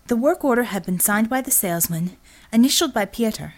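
A woman reading a story aloud as an audiobook narrator in an even storytelling manner. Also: on the high side, fairly quick, few pauses. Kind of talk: scripted narration.

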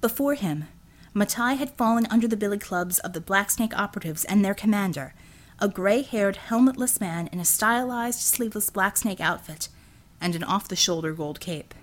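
A woman giving a steady, measured scripted audiobook narration. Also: medium pitch.

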